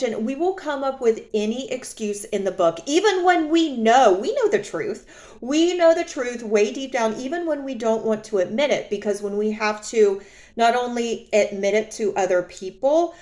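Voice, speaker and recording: Brief: woman vlogger with a fairly high voice, a candid reflective monologue that circles back on key phrases. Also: animated, unhurried, a little mellow. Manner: candid, repeats phrases for emphasis; speaks from her own experience.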